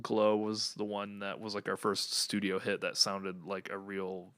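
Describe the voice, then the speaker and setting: A young man chats on a podcast in an earnest, rambling way, full of fillers and restarts. His voice sits a little low and sounds smooth and clean. The recording is dry, with no room sound. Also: monotone, measured pace, a bit bright, no room sound. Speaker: podcast co-host and band member. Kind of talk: casual chat.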